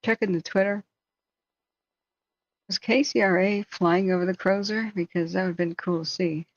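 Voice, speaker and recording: A tired woman hosting a casual live wildfire-tracking stream, slightly hoarse and thinking aloud while chatting with viewers. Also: medium pitch, fairly even intonation, moderate pace, no room sound, lo-fi sound. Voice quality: slightly hoarse, clears throat. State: tired after staying up all night. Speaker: wildfire tracking livestream host.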